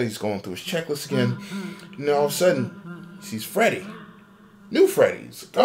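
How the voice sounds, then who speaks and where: Animated man telling a spooky story. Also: mid-range voice, moderate pace. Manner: animated, acts out a character's panicked inner voice. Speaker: podcast co-host. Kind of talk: casual storytelling of a game theory. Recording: amateur podcast recording.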